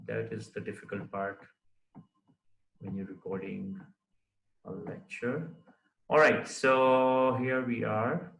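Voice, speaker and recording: A man's voice: fairly low pitch, steady tone, slow, creaky, pauses often, a bit bright. A man teaching a recorded lecture, who explains step by step and keeps checking understanding with "right?". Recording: echoey room.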